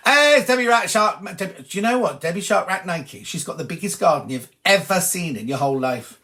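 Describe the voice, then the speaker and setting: A man's voice: high-pitched, lively intonation, a little fast, bright, forceful tone. A British man hosting a sewing livestream, reading viewers' comments aloud with cheeky, chatty asides. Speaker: host of a sewing show.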